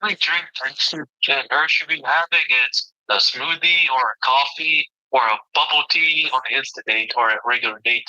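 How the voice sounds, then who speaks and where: A man's voice: medium pitch, normal speed, bright, forceful tone, no echo, lo-fi sound. A man from India, a longtime student, giving short matter-of-fact interview answers.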